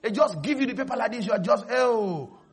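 A male pastor preaching a lively sermon, often shouting and breaking into laughter. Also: very high-pitched, racing, husky. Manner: animated, shouting, laughing at his own points.

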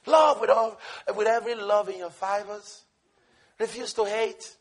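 A male preacher delivering a passionate sermon. He swings between shouted, repeated declarations and hushed, quiet urging. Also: high-pitched, normal speed. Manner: repetitive, emphatic.

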